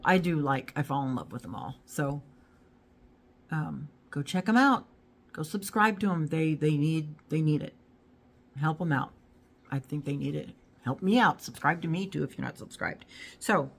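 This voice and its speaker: A middle-aged woman with a low-pitched voice chats casually to her viewers. She rambles from one thought to the next in an easygoing way. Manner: rambling and chatty, talks to her dog. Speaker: YouTube haul vlogger. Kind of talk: casual chat to camera.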